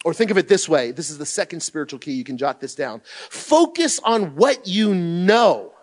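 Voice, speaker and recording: Animated high-voiced male pastor preaching. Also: moderate pace. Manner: animated, emphatic, with loud read-aloud bursts. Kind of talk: sermon.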